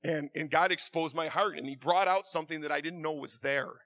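A little fast and pitched on the high side, a man preaches with fervor, stammering and repeating himself. His sermon veers between whispered confession and loud outbursts.

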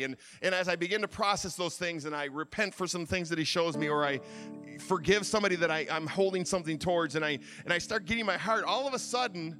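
Bright, high-voiced male preacher. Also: brisk, faint music behind. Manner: animated storytelling, acts out shouts. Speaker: pastor. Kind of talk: sermon.

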